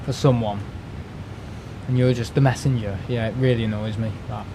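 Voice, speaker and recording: A man talking off the cuff on a live stream, voice sitting at an ordinary middle pitch. He rambles, trips over and repeats his words, and swears as he vents. A faint air-conditioning hum runs underneath. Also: steady tone, moderate pace, mellow. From United Kingdom. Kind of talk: casual ranting chat.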